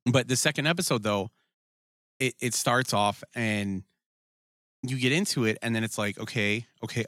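A man's voice: fairly low pitch, moderate pace, a bit bright, no echo. Male podcast co-host, casual and profane, rambling, dry close mic. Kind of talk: casual chat about a TV series.

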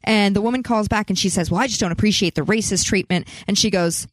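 A woman reading the news segment on a talk show, mid-pitched and chatty. She adds her own remarks as she goes and tells her stories with lively exclamations. The voice is close and dry. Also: quick pace, dry recording. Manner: expressive storyteller, exclaims and laughs.

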